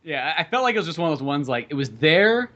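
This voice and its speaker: A man talks quickly and with a bright, forceful edge in a loose podcast conversation about films. He rambles, restarts his sentences and swears freely. His voice sits a little higher than most men's. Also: dull audio. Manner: rambling, animated, heavy swearing. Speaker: podcast co-host. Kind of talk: casual movie chat.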